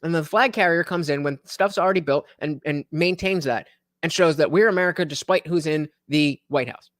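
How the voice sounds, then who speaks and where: A man with a slightly high voice hosts a political livestream, speaking close to the mic. He thinks out loud, stumbling through fillers and restarts. The sound is dry and upfront, with no room around it. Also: no room sound. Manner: halting, many fillers and restarts. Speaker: livestream host. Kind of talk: casual political commentary reading live chat.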